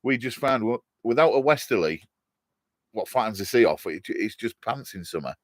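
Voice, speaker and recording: A man's voice: mid-range voice, lively intonation, moderate pace, no echo, clean studio sound. Chatty Hull man chatting on a live stream. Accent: Hull, East Yorkshire. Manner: chatty and jokey, laughs often, rambling with restarts. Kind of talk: casual live-stream chat, answering viewer comments.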